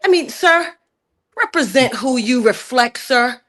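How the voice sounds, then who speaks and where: Unhurried yet animated, a middle-aged woman from Jamaica calls a talk stream and indignantly argues her point, repeatedly saying "sir." Her voice is high and fairly bright.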